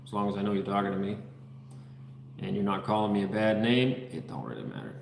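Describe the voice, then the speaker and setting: This livestream host from the Netherlands talks fast in a fairly low, sing-song, creaky voice, casually reading out viewers' names and comments from a house still being built. The sound is echoey, like a large hall, with slight background noise.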